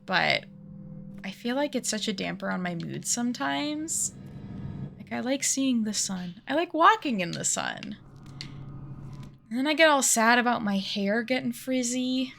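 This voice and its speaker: A woman streamer chatting casually while she plays a game, talkative and self-mocking and quick to laugh. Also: medium pitch, creaky, a bit bright. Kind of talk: casual live-stream chat while gaming.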